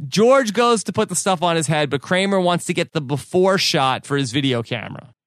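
A man's voice: a little high, expressive, a little fast, fairly bright tone, no echo, clean studio sound. A man co-hosting a casual podcast chat, recapping scenes and quoting lines with frequent "like" fillers. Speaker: podcast co-host.

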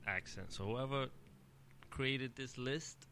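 A man's voice: medium pitch, slow pace, pushed and bright, slight background noise. A man in his forties with a New York accent, co-hosting a podcast and teasing his partner with trash talk. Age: 40s. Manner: teasing, trash-talking and laughing. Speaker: podcast co-host. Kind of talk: casual chat.

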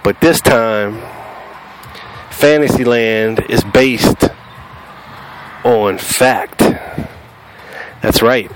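A man's voice: mid-range voice, extremely slow, pauses often, slight background noise. A man with a Southern US accent hosting a podcast, talking bluntly and combatively and cussing freely. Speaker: podcast host. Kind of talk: casual podcast monologue.

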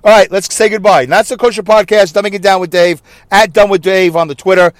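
A man's voice: high voice, fairly even intonation, fairly quick, no room sound. A man hosting a casual solo podcast from his parked car, rambling and poking fun at himself. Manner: rambling, self-mocking, chatty. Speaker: podcast host.

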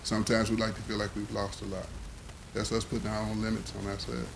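A man's voice: lowish voice, level tone, quick pace, vocal fry, background noise. A man on a podcast giving emphatic, sermon-like advice and quoting the Bible in a casual talk. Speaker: podcast co-host. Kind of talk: preachy advice.

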